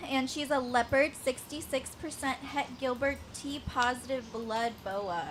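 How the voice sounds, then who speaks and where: A woman's voice: sits high, steady tone, unhurried, a little hiss or hum. A woman on a live reptile sale, reading out animal genetics and orders in a matter-of-fact way. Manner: matter-of-fact, reads off lists. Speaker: assistant reading out stock and orders. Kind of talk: casual live sales chat.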